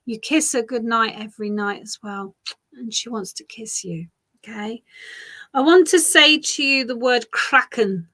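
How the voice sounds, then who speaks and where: Woman, psychic reading, fairly high bright voice, gentle and reassuring. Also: a little slow. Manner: gentle, reassuring, repeats phrases softly. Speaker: psychic reader.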